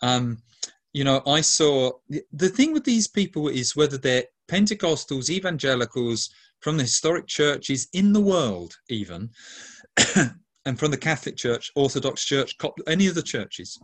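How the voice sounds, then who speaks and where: A man's voice: mid-range voice, big pitch swings, moderate pace. Earnest man describing his ministry. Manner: earnest, repetitive restarts, emphatic lists of words. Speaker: ministry leader. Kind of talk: interview answer.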